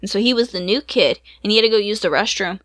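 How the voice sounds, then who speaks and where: A woman's voice: mid-range voice, quick pace, a bit bright. A woman in her thirties co-hosting a podcast, telling stories in casual chat and laughing easily. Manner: chatty storyteller, laughs easily. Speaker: podcast co-host.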